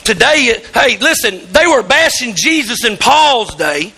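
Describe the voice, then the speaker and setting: High-pitched gravelly preacher. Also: male voice, sing-song, a little slow. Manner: folksy storytelling, rising to shouts. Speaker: pastor. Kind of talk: sermon. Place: church sanctuary.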